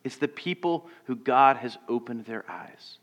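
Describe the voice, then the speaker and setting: A man who is a pastor, giving a sermon and telling a personal story, moving between loud passages and hushed ones. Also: medium pitch, measured pace, muffled recording. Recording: long church reverb.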